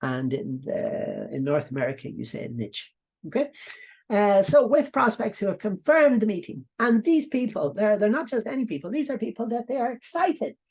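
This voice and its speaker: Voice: medium pitch, darkish tone, breathy edge. A middle-aged speaker with a Dublin Irish accent, giving a rambling live online training session on coaching business and repeating points with side remarks. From Ireland. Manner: rambling, repetitive, breaks off into asides.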